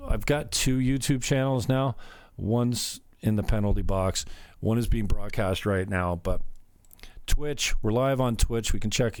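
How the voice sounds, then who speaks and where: A man hosting his own show, delivering an unscripted rambling rant, cursing often and swinging between low muttering and sharper outbursts. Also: darkish tone, clean tone, no echo, studio quality. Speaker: show host. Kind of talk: unscripted ranting monologue.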